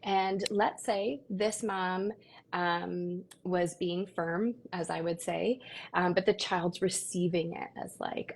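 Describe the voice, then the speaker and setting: Earnest, gravelly-voiced woman on a video call. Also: on the low side, slow, slight background noise. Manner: earnest, animated storytelling with quoted asides. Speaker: guest, parenting content creator. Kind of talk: casual live video chat.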